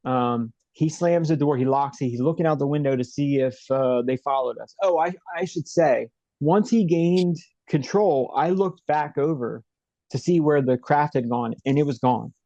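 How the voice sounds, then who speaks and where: Interviewed from home over video call, this man recounts a story in animated, vivid detail, often saying "like" and checking in with "right?" His mid-range voice is warm and moderately paced, captured with lo-fi sound and no room tone.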